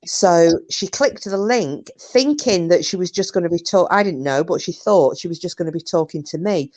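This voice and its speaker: A chatty British woman telling a story on a livestream, rambling along and looping back. Her voice is mid-pitched and sounds dry and close to the mic, with no room around it. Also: normal speed, a little mellow, dry recording. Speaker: streamer, co-host. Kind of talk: casual chat.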